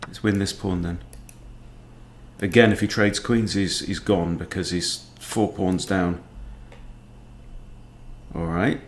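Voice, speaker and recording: Guy mumbling thru his chess moves, lowish voice, slow and unhurried, faint hiss behind. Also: fairly even intonation. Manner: muttering, understated, self-talking. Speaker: chess coach. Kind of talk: thinking aloud while playing blitz chess.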